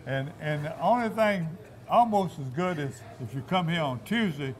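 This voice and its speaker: A man's voice: on the high side, lively intonation, moderate pace. A man hosting a hunting and food show, chatting in a folksy, rambling way inside a meat shop. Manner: folksy, rambling, repeats himself. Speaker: host. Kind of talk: casual outdoors-show chat.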